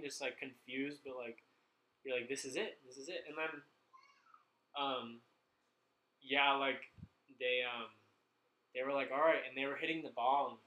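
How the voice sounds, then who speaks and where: A man's voice: medium pitch, sharp tone, slight background noise. A man telling a long story in casual chat, rambling and packing nearly every phrase with "like" while swearing freely. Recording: echoey room.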